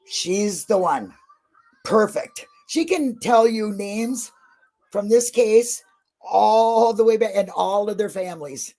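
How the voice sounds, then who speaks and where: A woman appears as a guest on a true crime channel's casual livestream chat, speaking slowly at medium pitch with a warm tone. She is emotional and effusive, blunt, and not shy about swearing.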